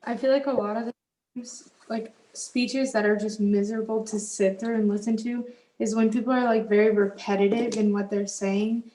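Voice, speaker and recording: A woman student telling lively stories in an online class discussion. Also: a little high, moderate pace. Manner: animated storytelling. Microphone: video call. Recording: roomy video-call audio.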